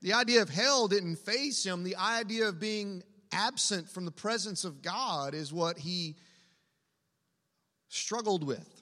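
A man's voice: high voice, unhurried, bright, forceful tone. A man preaching a sermon as pastor, telling a family story in an earnest, conversational way. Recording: long hall reverb.

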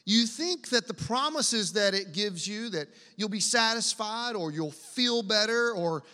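A man preaches to a congregation in an easy, conversational way, pressing his points and asking the room to answer back. His voice sits high and sounds bright and forceful. A long hall reverb trails behind him. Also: lively intonation, measured pace. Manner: asks the congregation to respond, conversational and emphatic. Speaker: pastor. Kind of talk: sermon.

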